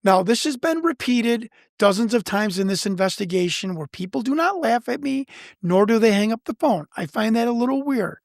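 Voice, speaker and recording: A man from Chicago, an investigator and podcast guest, telling a story fast with many repeated words and restarts. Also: extremely high pitch, lively intonation, dry recording, studio quality. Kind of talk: animated storytelling in an interview.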